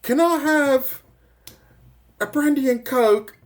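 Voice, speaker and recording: A man doing a squealing, greedy woman. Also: takes it slowly. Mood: giddy. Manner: squealy mocking falsetto. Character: woman friend, greedy and giddy.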